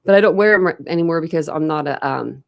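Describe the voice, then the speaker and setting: A woman's voice: low-pitched, fast talker, gravelly. A young woman from Ohio hosting a true crime livestream, chatting loosely with viewers and wearing a retainer. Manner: rambling, chatty, many "like" fillers. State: talking around a dental retainer. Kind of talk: casual livestream chat, greeting viewers.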